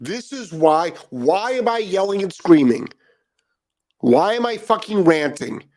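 A middle-aged man with a slightly high voice, hosting his own live dog training show. He rants with heavy profanity, repeats himself for emphasis, and then turns to chatting casually with his viewers. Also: a little slow. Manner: emphatic, profane, repetitive ranting; calmer chatty greeting of commenters. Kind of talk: ranting live stream monologue.

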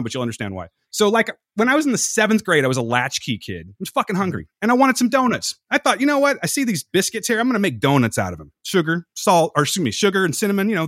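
A man's voice: a little high, quick pace, no echo, studio quality. A man, hosting a podcast and telling rambling, profane stories. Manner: animated, profane, jumps between anecdotes. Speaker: podcast host. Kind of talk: casual storytelling chat.

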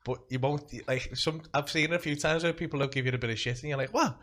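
A man hosting a podcast in casual chat, laughing often and dropping quick jokes. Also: a little high, fairly bright tone. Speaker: podcast host, comedian.

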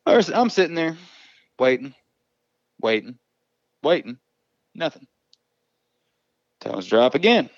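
Male storyteller, crude and animated, dull dry sound. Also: on the high side, measured pace, pauses often, dry recording. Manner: profane, drawling, laughs often. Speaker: volunteer firefighter telling a story. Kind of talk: casual storytelling.

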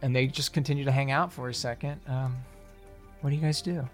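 A man's voice: mid-range voice, steady tone, brisk, faint music behind. A man narrating a fantasy scene as game master, in loose, rambling speech full of fillers.

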